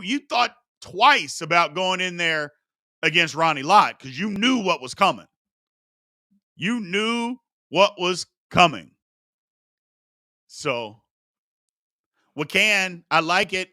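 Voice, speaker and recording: Animated high-voiced sports talk host man. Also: no room sound, studio quality. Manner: animated, opinionated, repeats points for emphasis. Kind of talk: live-stream sports talk.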